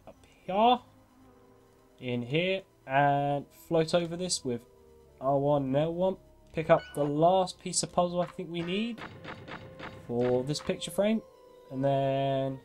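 A man's voice: a little high, darkish tone. A man hosting a game walkthrough in casual gameplay commentary, chatty and self-mocking, laughing often.

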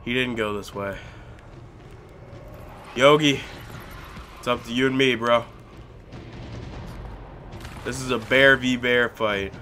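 A young man giving let's play commentary on a game, excitable and pleading loudly with his in-game pet bear. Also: medium pitch, slow, long pauses, a little hiss or hum. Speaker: gaming YouTuber.

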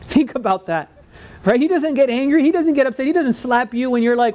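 A male pastor preaching a sermon in a conversational way, often asking "right?" and acting out quoted words in lively voices. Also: very high voice, normal speed.

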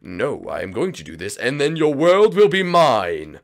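A man's voice: medium pitch, big pitch swings, moderate pace, creaky, voice pushed up. A man voicing a scheming male reptile villain professor, gloating and theatrical, for a game roleplay.

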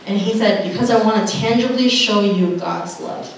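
A woman's voice: mid-range voice, normal speed, vocal fry. A young woman telling an earnest personal story at a camp gathering, acting out dialogue and laughing now and then. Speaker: camp speaker. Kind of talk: personal testimony message. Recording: echoey hall from far off, noisy.

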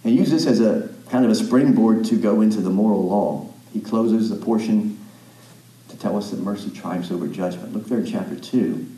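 Low-voiced man preaching in an echoey church. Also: moderate pace, warm tone. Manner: reads scripture aloud, then explains it in plain words; thoughtful, with small restarts and asides. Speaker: pastor. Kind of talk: sermon. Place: church sanctuary.

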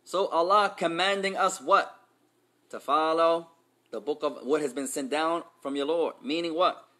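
A man's voice: a little high, normal speed, sharp tone. A man teaching an Islamic class, switching between Arabic and English, quizzing his students and joking with street slang. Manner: playful, street slang mixed in.

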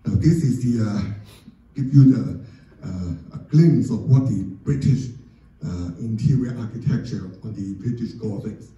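A man's voice: lowish voice, unhurried, warm tone. A man giving an informal lecture on architecture over slides, chatty and full of "you know" and "okay?" asides. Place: church hall or lecture room. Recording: very echoey room, mic far off.

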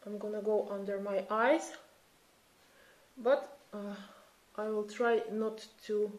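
A woman's voice: medium pitch, steady tone, takes it slowly, darkish tone. A woman in her thirties with a Russian accent, chatting and thinking aloud while doing a makeup tutorial. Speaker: beauty vlogger. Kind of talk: casual makeup tutorial chat. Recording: echoey room.

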